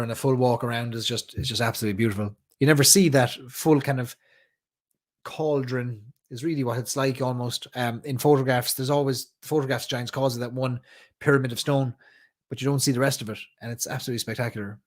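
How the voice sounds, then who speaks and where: Irish guy from cork chatting on a late-night live stream, rambling and easygoing, sounds a bit tired, mid-pitched. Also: steady tone, fast. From Ireland. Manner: rambling, chatty, reads viewer comments aloud. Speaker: whiskey club host. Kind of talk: casual live-stream chat.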